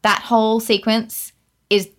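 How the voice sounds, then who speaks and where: Her voice sits on the high side and moves at a measured pace. As a podcast co-host, she rants about a film in a casual, incredulous film-review chat, animated and laughing as she goes.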